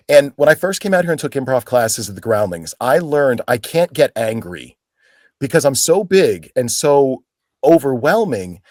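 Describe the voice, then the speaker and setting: Animated man telling stories. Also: medium pitch, normal speed, no echo, clean studio sound. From Pennsylvania. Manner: animated, acts out quoted lines in voices. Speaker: actor, guest. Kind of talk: casual interview storytelling.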